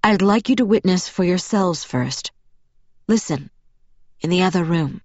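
A woman reading an audiobook, voicing a calm and persuasive male vampire with a smooth, velvety tone. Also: lowish voice, no room sound. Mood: firm, calm. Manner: measured, patient, firm. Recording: dull, dry audiobook recording.

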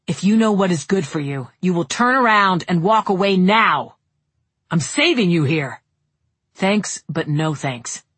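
A woman voicing a calm, protective young man who speaks dryly and firmly in a storybook. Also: fairly low pitch, measured pace, husky, dry recording, heavily acted. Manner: calm, dry, firm.

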